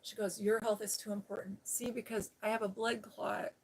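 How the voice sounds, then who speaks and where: A woman's voice: mid-range voice, level tone, moderate pace, a little hiss or hum. A woman hosting a live stream, talking casually and rambling through a personal story, quoting other people as she goes. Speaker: ASMR channel host. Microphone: seated on a day bed, live stream.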